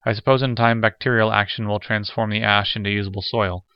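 A man voicing an excitable idealistic man who pleads against violence, rising high when upset. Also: fast talker, clear, resonant tone, no echo, muffled recording, lightly acted. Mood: musing. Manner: pleading, stammering when agitated.

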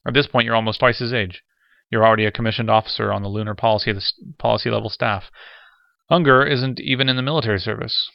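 A man voicing a grave, thoughtful official who explains things in a measured way. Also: fairly low pitch, fairly even intonation, gravelly, no echo. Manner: measured, dull-toned.

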